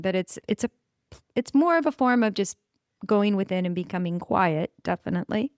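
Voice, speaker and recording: Enthusiastic woman podcaster, smooth voice. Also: mid-range voice, a little mellow, dry recording, studio quality. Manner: enthusiastic, rambling, with self-corrections. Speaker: podcast host. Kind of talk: casual solo podcast monologue.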